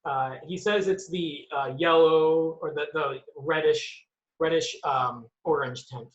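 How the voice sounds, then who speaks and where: A man narrating as game master, slowly and hesitantly, with many fillers. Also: on the high side, roomy sound, muffled recording.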